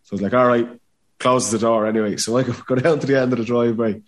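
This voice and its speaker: A man in his thirties with a Dublin accent tells a story on a podcast. He talks in a loose, chatty way and keeps breaking into quoted dialogue and laughter. His voice sits at a middle pitch. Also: very fast. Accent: Dublin Irish. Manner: animated anecdote with laughter and acted quotes. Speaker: podcast guest, former footballer. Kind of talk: casual storytelling.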